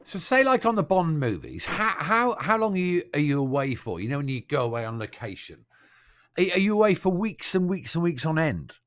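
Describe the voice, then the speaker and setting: A man's voice: fairly high pitch, sing-song, a little fast. A man co-hosting a podcast, eagerly asking questions and stumbling over repeated words. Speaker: podcast co-host. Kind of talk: casual interview questions.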